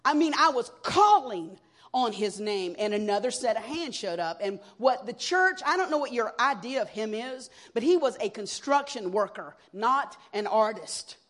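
A woman, sharing her personal testimony as a guest speaker in an earnest, expressive storytelling manner. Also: fairly high pitch, moderate pace. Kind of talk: testimony sermon.

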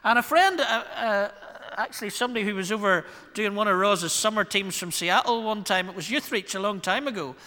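A man's voice: high-pitched, fairly quick, few pauses, sharp tone. A man with a Northern Irish accent preaching a sermon as the church's pastor, wry and self-deprecating, with shifting emphasis. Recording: long reverb of a church hall.

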